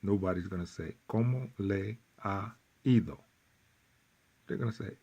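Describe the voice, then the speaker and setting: A man teaching a workbook lesson, repeating phrases slowly with folksy asides. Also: low voice, mellow, slightly rough, dull audio. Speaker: Spanish teacher.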